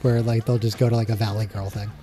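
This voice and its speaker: A man's voice: on the low side, level tone, fast talker, dark tone, soft background music. A man co-hosting a podcast in casual, easygoing chat, rambling with plenty of filler words. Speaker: podcast co-host.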